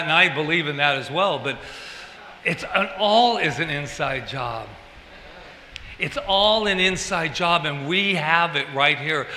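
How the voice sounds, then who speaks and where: Brief: a reverend preaching in a bright, fairly high voice, lively and confiding, in a roomy hall. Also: male voice, slight background noise. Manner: animated, playful, confiding. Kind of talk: sermon. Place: church service hall. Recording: echoey hall.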